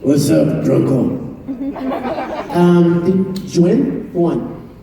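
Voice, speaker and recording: A man's voice: sits high, takes it slowly. A man, a voice actor, chatting playfully and teasing the crowd at a convention Q&A, laughing often. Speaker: voice actor guest at a fan convention Q&A. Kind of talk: casual convention Q&A. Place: large convention hall. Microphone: handheld phone camera from the audience. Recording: echoey convention hall from far off.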